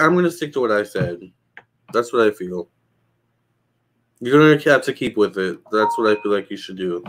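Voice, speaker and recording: A man doing live psychic tarot readings for viewers in a casual chat, hedging and answering questions from the chat. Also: medium pitch. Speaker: livestream psychic tarot reader.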